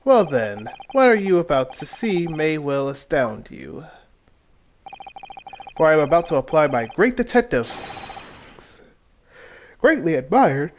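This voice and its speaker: A man's voice: fairly high pitch, very animated, a little slow, long pauses, a little hiss or hum. A man reading aloud as a pompous, eccentric male detective, theatrical and grandiose, stumbling over words now and then. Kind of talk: reading game dialogue aloud.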